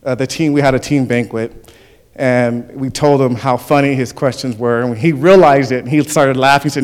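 Man giving a church testimony, lively, chuckling storyteller. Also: medium pitch, normal speed. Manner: animated storytelling with frequent chuckles. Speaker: church speaker. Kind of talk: spoken testimony.

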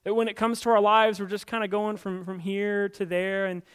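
A male pastor with a notably high voice delivers a sermon to a church audience. He talks in a relaxed, conversational way and often doubles up words as he works toward his point. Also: normal speed, clean tone. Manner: conversational, repeats words while building points.

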